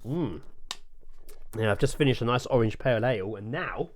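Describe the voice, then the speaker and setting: Lively sweary podcast co-host. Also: male voice, mid-range voice, moderate pace, slight background noise. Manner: sweary, rambling, self-mocking. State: slightly tipsy from beer. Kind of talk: casual podcast chat.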